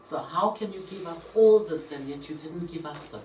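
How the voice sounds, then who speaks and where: A woman's voice: deep voice, moderate pace, a little mellow, slight background noise. A woman guest poet speaking earnestly and reflectively in a casual radio chat. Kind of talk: casual chat, reciting poetry. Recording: roomy, distant, faint ambience.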